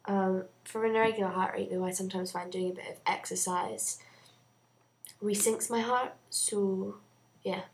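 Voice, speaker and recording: A young woman chatting casually to camera in a video diary, rambling and filling pauses with "um". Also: mid-range voice, fairly even intonation, slight background noise. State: out of breath. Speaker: vlogger.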